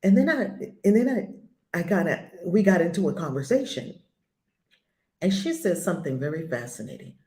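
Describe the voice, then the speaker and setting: Older female spiritual teacher, forthright and emphatic, slightly low voice, roomy recording. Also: sing-song, brisk, darkish tone. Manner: blunt, emphatic, repeats key phrases. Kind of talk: spoken spiritual lesson.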